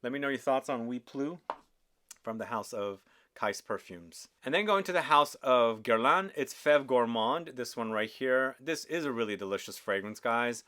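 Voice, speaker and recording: A man's voice: medium pitch, expressive, moderate pace, sharp tone. A man hosting a casual perfume review, talking with enthusiasm and often asking viewers questions. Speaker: fragrance reviewer.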